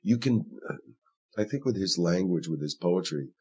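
Man, very low voice, husky, thoughtful, rambling, lots of fillers, interview talk. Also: expressive, normal speed, a little mellow. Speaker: actor in the play. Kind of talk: conversational interview.

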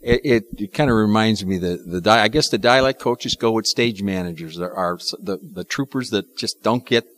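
Guy interviewing someone, lowish voice, stops and restarts a lot. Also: a bit bright. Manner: halting, with restarts and fillers, asks questions. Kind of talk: conversational interview.

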